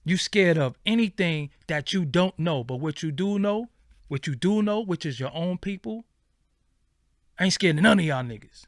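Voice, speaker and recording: A man hosting a livestream, ranting casually in animated, profane street slang. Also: sits high, moderate pace, no room sound, studio quality. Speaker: livestream host.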